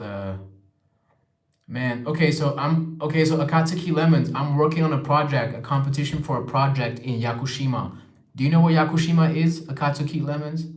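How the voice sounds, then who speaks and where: A young man hosts a relaxed livestream, reading out viewer comments and answering them in a loose, chatty way. His voice sits in an ordinary middle pitch. The sound carries a noticeable room echo. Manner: chatty, reads viewer comments aloud and replies. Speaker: livestream host. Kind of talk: casual live-stream chat. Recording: echoey room.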